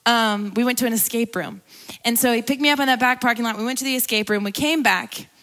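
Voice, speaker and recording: Casting: young woman, bright, slightly high voice, candid conversational testimony sermon. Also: fast. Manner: candid, conversational, laughs often, tearful at times. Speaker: guest speaker at a church gathering.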